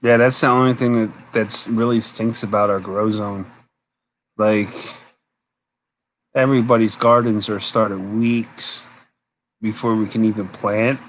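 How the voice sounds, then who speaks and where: A man's voice: fairly low pitch, steady tone, measured pace, pauses often, slight background noise, rough recording. A man hosting a casual late-night live stream, rambling, answering viewers' comments, tired and yawning. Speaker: homesteader live-stream host.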